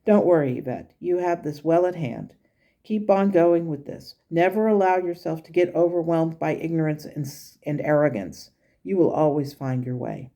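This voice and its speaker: A woman's voice: low-pitched, moderate pace, mellow. A woman quoting the spirit of her late grandmother, who speaks frankly and lovingly, close to her own voice. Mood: reassuring. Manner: frank and blunt, with affectionate asides.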